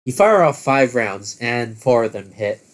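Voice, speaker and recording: A man reading a text adventure aloud as game master, halting and correcting himself as he goes. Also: mid-range voice, expressive.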